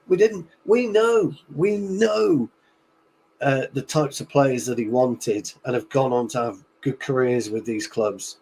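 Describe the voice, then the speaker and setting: A man's voice: medium pitch, a little slow, gravelly, a little mellow, slightly rough, poor audio. A man talking in a casual fan chat, emphatic and repeating words for stress.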